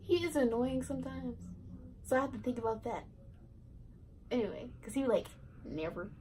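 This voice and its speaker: Teen girl rambling thru a storytime vlog, giggly, kinda high voice, little bit of hiss. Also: moderate pace, warm tone, poor audio. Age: teens. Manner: rambling, giggly, full of likes and rights. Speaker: vlogger. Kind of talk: casual storytime chat.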